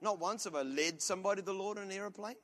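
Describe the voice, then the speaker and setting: A man preaches a sermon, telling his stories loudly and with comic energy. His voice sits high and sounds bright and forceful. He talks like a pastor who enjoys a joke with his congregation. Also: fast. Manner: loud, animated storytelling with comic outbursts.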